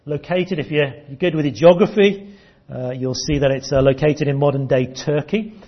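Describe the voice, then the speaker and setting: A man's voice: on the high side, normal speed, breathy edge. A man preaching a teaching sermon to his congregation, earnest and prone to repeating words as he restarts. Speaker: pastor. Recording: dull lo-fi church recording.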